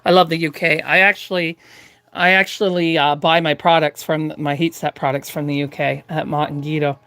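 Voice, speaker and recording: A woman's voice: low-pitched, steady tone, normal speed, a bit bright, no echo. A woman chatting through a live doll-painting tutorial from her craft room at home, rambling with lots of fillers and restarts. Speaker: reborn doll artist streaming live.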